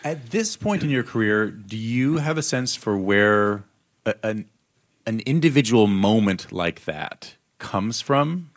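A male interviewer asking measured, probing questions in an onstage conversation. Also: fairly low pitch, animated.

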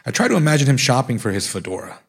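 A man's voice: medium pitch, sing-song, racing, slightly rough. A man, the author, reading aloud from his own memoir in a wry storytelling manner.

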